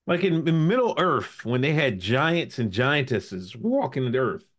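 A man hosting a casual podcast, telling stories with animated, profane banter. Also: medium pitch, unhurried. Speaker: podcast host.

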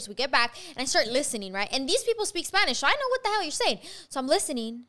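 A woman hosting a podcast, telling a story in a fast, profane, animated casual chat. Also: high-pitched. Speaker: podcast host.

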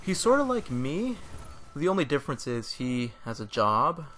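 A man's voice: mid-range voice, very animated, moderate pace, a bit bright, a little hiss or hum. A young man hosting a gaming channel, talking casually and jokily over gameplay in a rambling, self-deprecating way.

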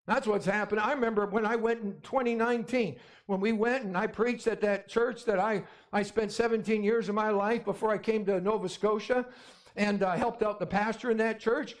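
High-voiced pastor preaching emphatically. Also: male voice, fairly even intonation, brisk. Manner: emphatic, repetitive, calls for amens. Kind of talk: sermon.

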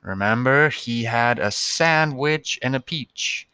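A patient male teacher records a lesson for young children, stretching out his sentences and breaking them into single words. His voice is bright and forward. The sound is close and dry, with no room around it. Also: mid-range voice, slow, clean tone, dry recording. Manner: patient, spells out words one by one.

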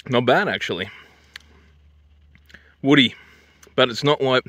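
A man's voice: mid-range voice, measured pace, a bit bright, no room sound. An Australian man doing a crude, swearing casual review vlog of drinks and snacks, full of larrikin banter.

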